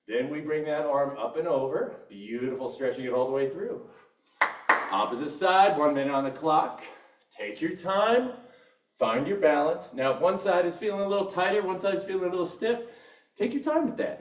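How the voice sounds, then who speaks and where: A man's voice: fairly high pitch, expressive, moderate pace. A male fitness instructor cueing a live workout class, upbeat and encouraging as he counts down reps. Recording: roomy echo, distant mic, dull sound.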